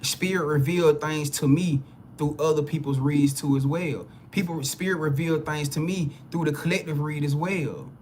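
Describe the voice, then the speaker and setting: A man with a high-pitched voice, speaking as a spiritual reader on a live stream. He talks bluntly and profanely in a preachy way, often restarting and repeating words for emphasis. Faint noise sits under his voice. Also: fairly even intonation, moderate pace, a little mellow. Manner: repeats words and restarts phrases when heated. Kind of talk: live reading to viewers.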